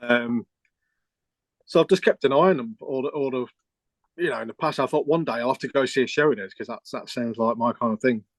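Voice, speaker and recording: A man's voice: medium pitch, brisk, no room sound. A middle-aged man, a keyboard player, telling a rambling story with restarts and quoted dialogue in a casual interview.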